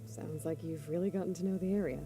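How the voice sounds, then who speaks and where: A woman's voice: low-pitched, fairly even intonation, fast, over music, close to an everyday voice. An actress voicing a determined young female hunter in a video game, who asks direct questions. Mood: steady.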